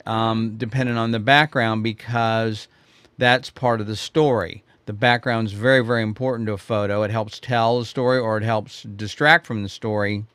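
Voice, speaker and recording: A man's voice: fairly low pitch, level tone, normal speed, fairly bright tone, clear, resonant tone, no room sound. A man teaching photography in a live quiz stream, talking straight to viewers in a rambling, chatty way with many fillers and restarts. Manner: chatty, addresses viewers directly.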